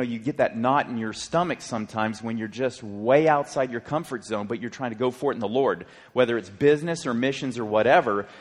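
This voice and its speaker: A man preaching, earnestly and dramatically retelling a story with quoted dialogue. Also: mid-range voice. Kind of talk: sermon storytelling. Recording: long hall reverb.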